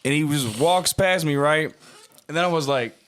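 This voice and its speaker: A studio owner asking questions and telling stories in a profane, laid-back way. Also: male voice, on the high side, normal speed, a bit bright, clear, resonant tone. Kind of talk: casual chat.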